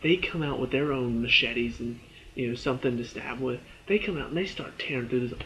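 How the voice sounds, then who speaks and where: A man giving a casual spoken review of a TV episode. He retells the scenes in an excited rush, with lots of fillers. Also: medium pitch, a little fast, rough recording.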